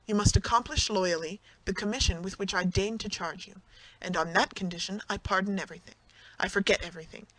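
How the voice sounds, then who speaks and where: An audiobook narrator voicing a passionate young woman who reproaches her husband indignantly, in a clear reading voice. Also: mid-range voice, fairly quick, a bit bright, lightly acted, rough recording. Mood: scornful.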